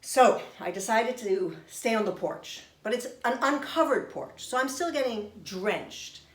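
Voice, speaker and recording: A middle-aged woman telling a personal story in an expressive, animated way. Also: fairly high pitch, unhurried. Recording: roomy echo.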